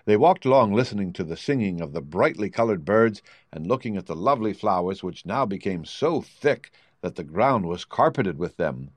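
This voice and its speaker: Expressive man reading a storybook. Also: lowish voice, normal speed, hardly any pauses, dry recording. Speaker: narrator. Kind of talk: storybook narration.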